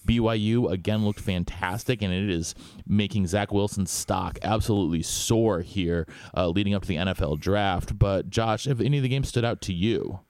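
A man with a fairly low voice hosts a casual college football podcast, relaxed and conversational as he turns questions over to his co-host. The sound is dry and close, with almost no room around it. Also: normal speed, no room sound. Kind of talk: casual sports chat with ad read.

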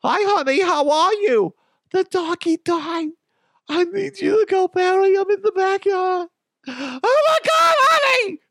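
A man voicing a doting mother with a put-on New England accent, shrill and sing-song. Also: very animated, a little slow, pushed and bright, no room sound, clean studio sound, exaggerated voice.

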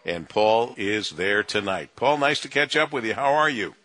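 A male radio host with a bright, forward voice talks in a friendly, chatty way and fills pauses with "uh". His mid-range voice comes through dry and close. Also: lowish voice, lively intonation, dry recording. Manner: friendly, chatty, with frequent fillers. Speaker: radio talk show host. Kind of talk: radio interview.

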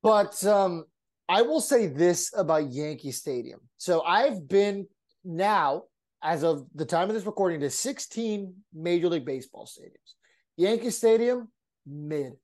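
A man co-hosting a podcast in casual banter, an animated, jokey storyteller who laughs often and acts out the voices of people he quotes. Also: high voice, measured pace. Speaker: podcast co-host.

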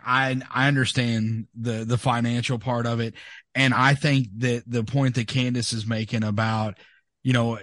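Excitable man podcast co-host. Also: on the low side, no room sound. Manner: excitable, stammering starts. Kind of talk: casual sports chat.

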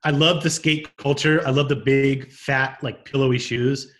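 A man's voice: medium pitch, fairly even intonation, moderate pace, fairly bright tone. Easygoing man with dry asides. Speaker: podcast co-host. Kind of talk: casual comedic chat.

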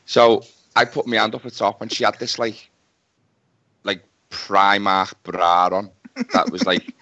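A man's voice: fairly low pitch, unhurried, bright, forceful tone, dull audio. A man co-hosting a podcast, rambling through a slangy embarrassing anecdote in casual chat. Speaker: podcast co-host. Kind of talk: casual banter.

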